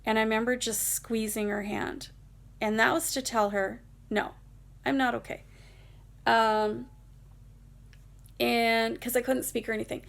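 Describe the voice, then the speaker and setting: A woman's voice: fairly high pitch, little pitch movement, unhurried, gravelly, pauses often. A young adult woman telling a personal story on her vlog in a casual, rambling way, full of "like" and "you know".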